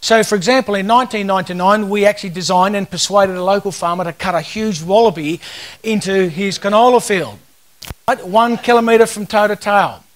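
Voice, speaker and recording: A man's voice: high voice, fairly quick. Joking Australian man giving a talk. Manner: casual, joking storyteller. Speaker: conference speaker. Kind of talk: conference talk.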